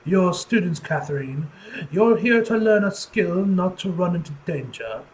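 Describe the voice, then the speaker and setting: A man voicing a stern older British detective professor in a put-on British accent, talking in a measured, lecturing way. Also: sits high, expressive, a little hiss or hum, low-quality recording.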